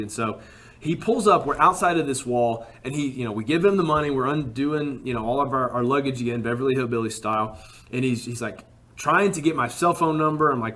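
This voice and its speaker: A man casually telling a personal story, animated and full of "like" fillers. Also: mid-range voice.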